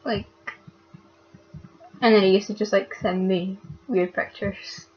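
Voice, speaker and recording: A young woman, speaking haltingly and with many fillers as she talks upset into her camera for a vlog. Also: mid-range voice, steady tone, slight background noise. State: upset and hurt. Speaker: vlogger. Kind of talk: casual confessional vlog. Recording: dull lo-fi webcam audio.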